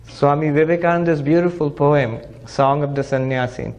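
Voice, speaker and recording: A man's voice: fairly high pitch, normal speed, few pauses, highs cut off. A monk giving a spiritual discourse, telling stories animatedly and chuckling as he teaches. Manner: animated storyteller who laughs and chuckles.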